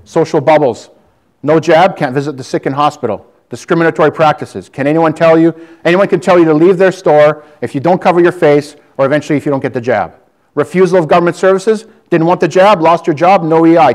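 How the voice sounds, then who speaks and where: A man's voice: a little high, a little mellow. A man preaching defiantly to a congregation, calling listeners brother and sister. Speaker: lay preacher. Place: church hall with audience.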